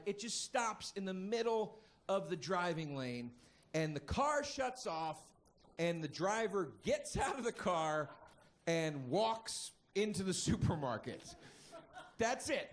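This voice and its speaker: A man doing a stand-up routine, telling a story animatedly and jumping into high yelling voices. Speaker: stand-up comedian.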